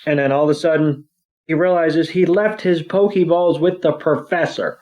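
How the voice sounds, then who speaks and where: A man's voice: on the high side, fairly even intonation, normal speed, darkish tone, rough recording. A man co-hosting a podcast and casually recapping a cartoon episode in a blunt, profane, wry way. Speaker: podcast co-host.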